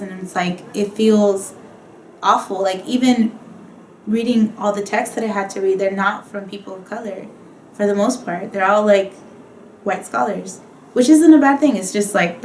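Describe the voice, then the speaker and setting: Chatty young woman in an echoey room. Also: mid-range voice. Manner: chatty, filler-heavy, acts out what others said. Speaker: interview guest, history graduate student. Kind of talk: casual conversational interview. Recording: echoey room, faint ambient noise.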